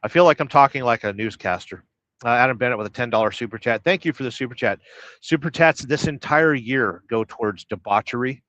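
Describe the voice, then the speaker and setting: Sarcastic, swearing trucker man, low voice. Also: no room sound, highs cut off. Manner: profane, deadpan sarcastic joking. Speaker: trucker and livestream host. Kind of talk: casual livestream chat. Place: parked truck cab.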